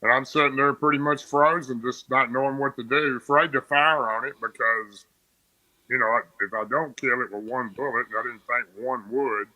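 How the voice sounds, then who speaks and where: A man's voice: mid-range voice, fairly even intonation, moderate pace, sharp tone, dry recording, rough recording. A man from Tennessee, a podcast guest, telling a story in plain, rambling casual speech.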